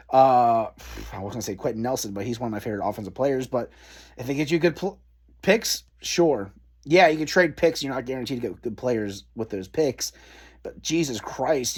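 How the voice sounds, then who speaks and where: A man's voice: mid-range voice, husky. A man ranting in frustration as a sports fan, swearing heavily as he talks. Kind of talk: angry fan rant.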